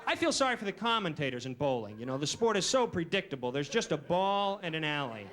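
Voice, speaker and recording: A man doing a stand-up comedy routine with a dry, deadpan, self-deprecating delivery. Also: on the high side, quick pace, some chatter behind. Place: comedy stage before a live audience. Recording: noisy early 1990s VHS recording.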